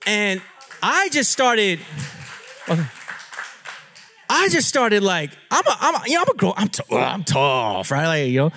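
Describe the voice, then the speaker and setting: A man preaching as a pastor, telling stories in an animated, playful way and laughing at himself. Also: high-pitched, a little fast. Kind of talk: storytelling sermon.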